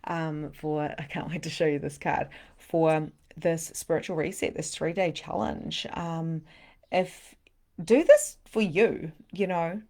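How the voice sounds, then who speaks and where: A middle-aged woman, a spiritual coach leading a live guided meditation and chatting with viewers in a soft, soothing way. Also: low-pitched, takes it slowly. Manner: soft, soothing guiding voice with breathy exclamations.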